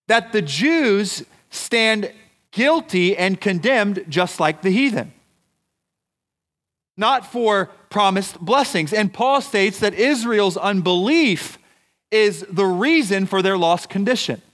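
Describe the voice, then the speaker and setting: A man preaching a sermon as pastor, deliberate and emphatic, asking his congregation rhetorical questions. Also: high voice, lively intonation, a bit bright. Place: church.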